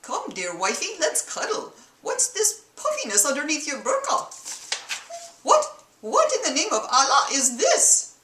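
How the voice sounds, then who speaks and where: Woman putting on a bossy foolish man, clumsy put-on Middle Eastern accent, high and bright. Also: huge pitch swings, a little slow, far from the mic, a little hiss or hum, full character voice. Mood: puzzled. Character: bossy man scolding his wife, foolish. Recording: roomy echo.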